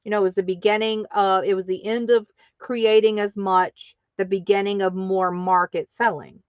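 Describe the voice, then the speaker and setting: A woman's voice: medium pitch, flat delivery, moderate pace, dry recording, dull audio. A woman hosting her craft channel, telling a story casually and acting out other people's lines in exaggerated voices.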